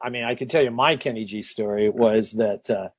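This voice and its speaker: A man's voice: lowish voice, a little fast, husky, no echo. A middle-aged man from the Seattle area, a former TV host, telling stories as an interview guest with many restarts and acted-out voices. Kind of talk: casual anecdotal storytelling.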